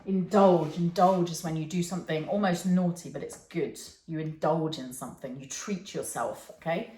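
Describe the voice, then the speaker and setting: Her deep, mellow voice holds a moderate pace as she runs an online English lesson. The teacher is patient, checking in with learners by saying "okay" and "yeah," and the recording has an echoey room sound.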